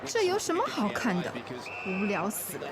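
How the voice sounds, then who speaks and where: A woman's voice: medium pitch, huge pitch swings, moderate pace. A woman playing a bored, scornful wife in a scripted lesson dialogue. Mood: huffy. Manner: huffy, scornful. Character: bored annoyed wife who walks off. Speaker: dialogue actor. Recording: crowd noise from TV match behind. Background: loud match crowd.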